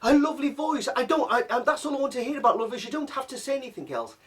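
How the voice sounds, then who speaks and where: A man's voice: extremely high pitch, lively intonation, fast, far from the mic, pitched above the performer's own voice. A man putting on his fussy older mother. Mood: insistent. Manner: repeats herself, gushing. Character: fussy older mother, doting then upset.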